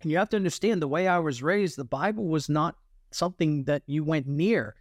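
A man's voice: fairly high pitch, fairly quick, no echo, clean studio sound. A man, a veteran and artist, telling his faith story as an interview guest, acting out the voices of the people he quotes. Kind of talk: testimony in an interview.

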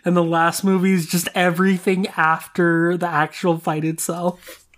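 Casting: mid-pitched podcast host, chatty and speculative. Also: little pitch movement, moderate pace, fairly bright tone, a little hiss or hum. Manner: chatty, speculative, lots of fillers. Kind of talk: casual chat.

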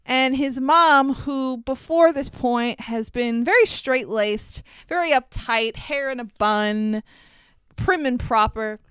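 A woman's voice: a little high, clean tone, no echo, studio quality. A woman co-hosting a podcast, retelling a movie with laughs and swearing. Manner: laughing, profane, animated retelling. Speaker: podcast co-host. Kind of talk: casual movie recap chat.

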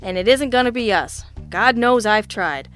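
A woman reading the lines of a gruff, exasperated male police lieutenant who growls and scolds. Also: fairly high pitch, expressive, moderate pace, fairly bright tone, faint music behind.

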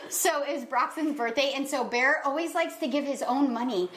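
High voiced mom cohost, jokey, acts out quotes, echoey room, bit of hiss. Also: female voice, moderate pace, fairly bright tone. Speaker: podcast co-host. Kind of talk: casual chat. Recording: roomy echo with faint noise.

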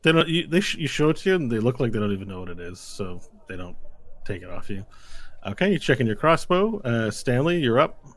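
A man's voice: mid-range voice, very animated, a little fast, a bit bright. A man narrating as game master of a tabletop game, talking casually and rambling with fillers.

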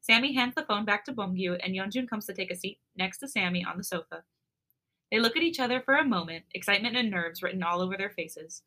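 A woman co-hosting a podcast, reading fan fiction aloud with expressive narration. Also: mid-range voice, fast.

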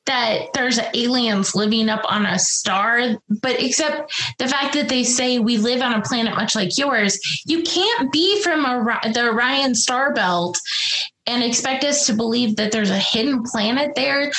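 Bright slow-talking woman, echoey room. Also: fairly high pitch. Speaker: podcast co-host. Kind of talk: casual movie-review chat.

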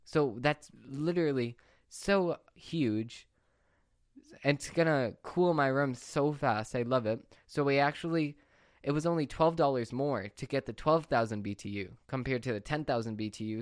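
A man's voice: mid-range voice, normal speed, dry recording, clean studio sound. A young man vlogging, telling a rambling story in casual chat and often correcting himself. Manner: rambling, excitable, self-correcting.

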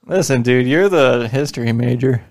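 A man's voice: medium pitch, moderate pace, vocal fry, no room sound. A man on a podcast panel in casual chat, with a dry, teasing manner.

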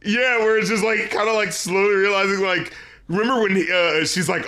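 Bright-voiced man laughing through album talk. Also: sits high, fairly even intonation, a little fast. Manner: laughs often, acts out lyrics and imagined dialogue. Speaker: podcast co-host. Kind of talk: casual album review chat.

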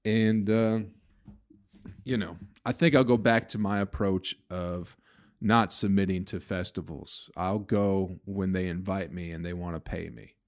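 Man, comedian, podcast host, swearing, venting, bitter, rambling, lowish voice. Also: steady tone, measured pace, dry recording, studio quality. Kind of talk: casual solo podcast rant.

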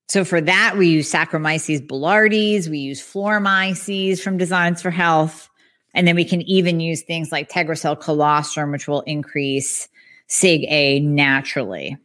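A woman podcast host, a health practitioner, talking through lab results in a lively, conversational way. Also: deep voice. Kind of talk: casual explanatory podcast talk.

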